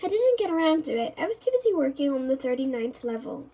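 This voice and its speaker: A dithering, anxious storybook man who hesitates as he talks, voiced by a woman reading aloud. His voice is pitched high. It sounds like a children's book read aloud. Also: very animated, quick pace, mellow.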